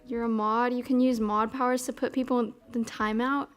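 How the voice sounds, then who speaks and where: A woman's voice: on the high side, steady tone, fairly quick, hardly any pauses, clear, resonant tone, soft background music. A young woman streaming and chatting casually with viewers, bubbly and rambling, often giggling. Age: young adult. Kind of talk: casual chat.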